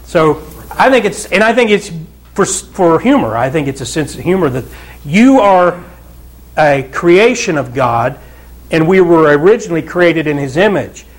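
In a church sanctuary, a pastor gives his congregation a conversational sermon full of asides, repeatedly calling out "Amen?" His voice is a little high and expressive, at a normal speed.

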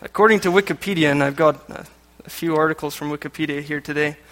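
In a church hall with long, echoey reverb, a man from Canada preaches as a lay preacher. He talks fast in a slightly high, somewhat bright voice, reading passages aloud with jokes slipped in between.

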